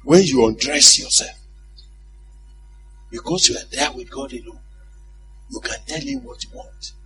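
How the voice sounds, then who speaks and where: A man preaching a sermon in an animated, humorous way, often asking the congregation if they follow him. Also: on the high side, unhurried, music in the background, poor audio.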